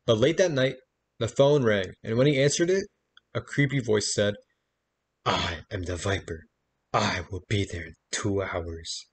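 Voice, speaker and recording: A man telling a spooky campfire story in steady storybook narration. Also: medium pitch. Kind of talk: reading a campfire story aloud.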